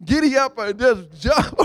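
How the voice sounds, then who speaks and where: A man preaches in call-and-response style, his voice extremely high, inviting the congregation to complete his lines and building up to shouts. There's no echo.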